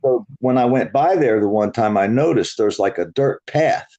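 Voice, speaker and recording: A man's voice: mid-range voice, animated, moderate pace, warm tone, highs cut off. A man hosting a casual, profane chat, laughing often. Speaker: host.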